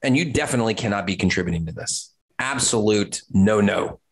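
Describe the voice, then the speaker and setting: A man's voice: fairly low pitch, fairly quick. A man in his thirties, an agency owner, giving blunt business advice straight to camera, swearing casually and repeating words for emphasis. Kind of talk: direct-to-camera business talk.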